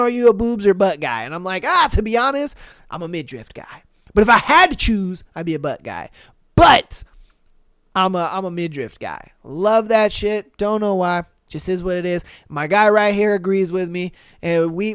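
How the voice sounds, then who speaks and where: A young man hosting a podcast in a casual, slangy way, laughing often and swearing freely, with a fairly high voice that has a little depth. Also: no room sound, clean studio sound. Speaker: podcast host. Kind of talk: casual podcast chat reading listener answers.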